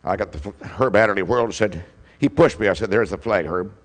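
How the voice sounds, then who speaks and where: A man's voice: fairly low pitch, fast. Older guy telling old football ref stories on stage, acts out the calls, big echoey hall. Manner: animated storyteller, acts out shouted calls. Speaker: keynote speaker, former football official. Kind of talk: storytelling speech. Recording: long hall reverb.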